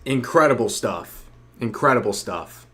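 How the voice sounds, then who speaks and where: A man's voice: medium pitch, animated, a little slow, fairly bright tone. A young man in casual livestream chat, reading viewer donation messages aloud, often repeating his phrases. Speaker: streamer reading super chats.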